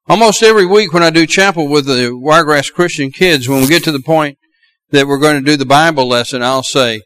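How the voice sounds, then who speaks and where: A man's voice: fairly high pitch, brisk, pushed and bright, poor audio. A middle-aged man with a Southern US accent preaching a sermon as pastor, earnest and building to emphatic exhortations.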